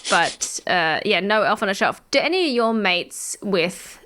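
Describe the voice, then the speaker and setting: A woman's voice: medium pitch, measured pace, a little hiss or hum. A woman, a podcast co-host in her thirties, telling stories in casual chat, laughing often and acting out quotes. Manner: animated storytelling, acts out quotes, laughs often, swears.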